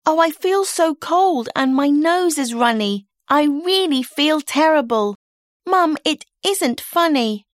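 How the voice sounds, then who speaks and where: A woman plays a melodramatic twelve-year-old girl in a recorded poem. The voice sits high and swoops as she pleads and complains. The recording is close and dry. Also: expressive, slow pace, dry recording. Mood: whiny pleading.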